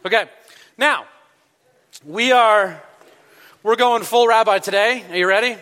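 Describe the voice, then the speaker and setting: A man preaching a relaxed, chatty sermon, full of fillers and restarts. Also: high-pitched, unhurried. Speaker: pastor. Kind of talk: casual sermon. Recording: reverberant hall.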